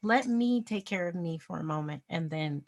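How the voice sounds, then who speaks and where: A woman's voice: lowish voice, animated, moderate pace. A woman guest in a video interview, speaking candidly and reflectively, laughing between thoughts. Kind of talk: casual video interview chat.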